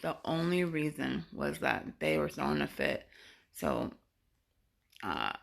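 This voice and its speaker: Low, gravelly-voiced woman vlogger. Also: sing-song, takes it slowly. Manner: rambling, with many fillers and restarts; frank, swears casually. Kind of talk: casual storytelling to camera.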